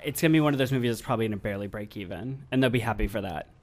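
A man's voice: lowish voice, very fast. A man in a casual podcast chat, giving blunt, skeptical opinions. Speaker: podcast co-host.

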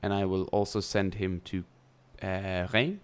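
A young man with a very low voice talks through his turns in a strategy game, chatty and loose. He thinks aloud as he plays, with the odd swear word. He speaks close to a desk mic. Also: steady tone, measured pace. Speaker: gameplay commentator. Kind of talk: casual let's-play commentary.

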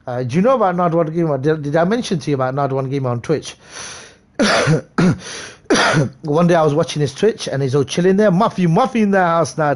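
An upbeat young man, chatting on a live game stream. His voice sits a little higher than most men's. He greets viewers by name one after another, loose and full of slang. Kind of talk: casual live-stream chat.

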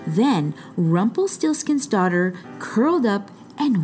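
A woman's voice: mid-range voice, big pitch swings, slow, hardly any pauses, a little mellow, faint music behind. A woman reading a storybook aloud in a read-along, shifting her voice for the characters. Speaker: music teacher reading aloud.

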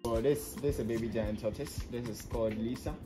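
A man's voice: mid-range voice, fairly even intonation, fairly quick. A man working as a zoo tour guide outdoors, explaining the animals in a matter-of-fact way. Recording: loud music laid over the voice.

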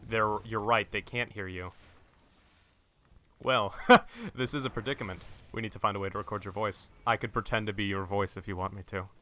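A young man hosting a gaming channel, giving excitable, jokey play-by-play commentary into a headset and swearing when he dies. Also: on the low side, normal speed. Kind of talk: let's-play gameplay commentary.

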